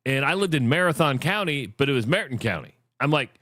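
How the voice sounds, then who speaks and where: A man's voice: a little high, animated, fast talker, a bit bright, no echo, studio quality. A chatty man co-hosting a radio show who reads ads and talks casually with many restarts. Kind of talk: casual radio chat and ad read.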